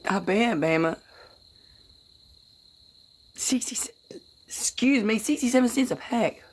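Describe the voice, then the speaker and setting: A woman's voice: a little high, lively intonation, slow pace, slight background noise. Folksy, cussing woman chatting on a livestream. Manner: folksy, swears casually, greets viewers by name; tells rambling anecdotes. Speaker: livestream host. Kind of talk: casual livestream chat with viewers.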